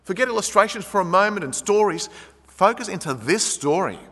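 Animated preacher in a reverberant hall. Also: male voice, high voice, fairly quick. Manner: animated, acts out quoted speech. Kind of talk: sermon.

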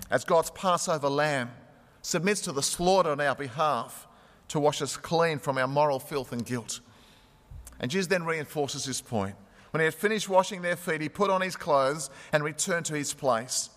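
A male pastor preaching earnestly and weaving stories into his sermon. His voice sits high and bright, and it rings out with a long church-hall reverb. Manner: earnest, storytelling.

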